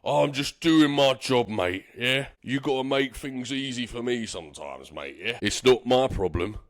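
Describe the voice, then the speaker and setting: A man's voice: mid-range voice, expressive, unhurried. A man doing a curt bouncer. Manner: curt, dismissive, says "mate". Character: big angry male nightclub bouncer.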